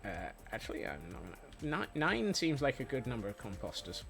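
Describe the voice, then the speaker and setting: A man talking loosely over his game stream, his pitch bouncing around a lot as he rambles and jokes. He trips over his words and restarts often, and faint music plays underneath. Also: big pitch swings, brisk, creaky, a bit bright. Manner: rambling, playful, many fillers and restarts. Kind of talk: casual gameplay chat.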